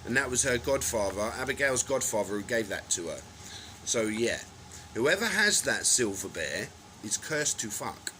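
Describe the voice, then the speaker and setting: A man's voice: medium pitch, animated, moderate pace, sharp tone, slight background noise, poor audio. A man in a rambling monologue, ranting angrily and swearing as he accuses people. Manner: angry, profane, accusatory ranting.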